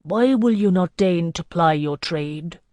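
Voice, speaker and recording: A man's voice: on the high side, unhurried, no room sound, close to an everyday voice. A narrator voicing a desperate male trader who pleads in a wheedling, trembling tone, in a fantasy audiobook. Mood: pleading.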